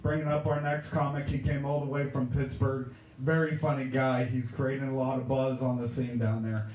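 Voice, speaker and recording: A man hosting a comedy show, introducing the next comic with brisk, hyping patter. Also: mid-range voice, little pitch movement, a little mellow, roomy sound, poor audio. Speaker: show host. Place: comedy club stage.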